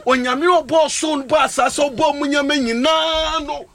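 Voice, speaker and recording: A man preaching in rhythmic repeated phrases, often shouting. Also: very high-pitched, fairly even intonation, moderate pace, faint music behind.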